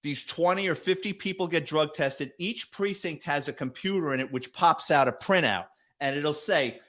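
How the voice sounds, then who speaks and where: A man's voice: fairly high pitch, moderate pace. A middle-aged man, a retired police detective, telling stories as a guest with lots of swearing and acted-out quotes. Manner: animated, profane, acts out quoted voices. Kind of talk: casual storytelling.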